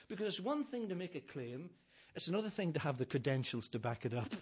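Preacher, man, higher voice with a husky edge, emphatic and building through repetition. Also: sing-song, fast. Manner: emphatic, builds with repeated phrases, gentle humour. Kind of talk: sermon.

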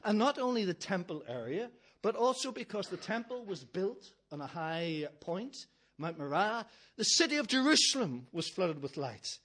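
Guy preaching, kinda high husky voice, keeps repeating lines for punch. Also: very animated, moderate pace. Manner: emphatic, builds with repeated phrases, gentle humour. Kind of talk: sermon.

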